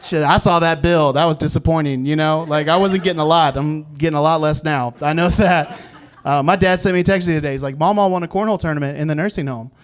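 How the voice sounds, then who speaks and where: A man's voice: fairly high pitch, steady tone, brisk, few pauses. A man performing a stand-up comedy set on a club stage, acting out quotes and laughing at his own jokes. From Virginia, US South. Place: comedy club stage before a live audience.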